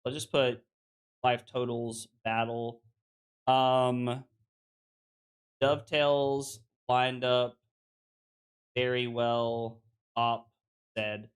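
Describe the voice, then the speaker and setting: A man's voice: medium pitch, steady tone, very slow, pauses often, clean tone. A man streaming a card game, chatting casually with viewers and reading their messages aloud, with lots of fillers. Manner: chatty, full of "like" fillers, reads chat aloud.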